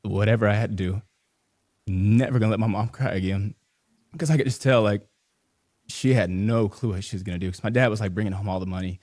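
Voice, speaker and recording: A man in his thirties, a podcast guest, telling a personal family story in a halting, earnest way with many fillers and restarts. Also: lowish voice, a little mellow, no echo, studio quality. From Houston, Texas.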